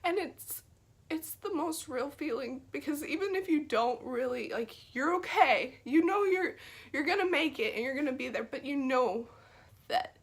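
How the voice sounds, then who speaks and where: A woman telling a personal faith story in an earnest, conversational way, sometimes dropping to a soft whisper. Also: sits high. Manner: earnest, drops to a soft whisper at tender moments. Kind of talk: personal testimony.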